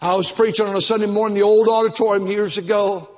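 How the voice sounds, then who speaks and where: High-voiced older pastor preaching in a hall. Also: male voice, fairly even intonation, fast, a little mellow. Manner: emphatic, repetitive exhortation. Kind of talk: Baptist sermon. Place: church auditorium. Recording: long church-hall reverb.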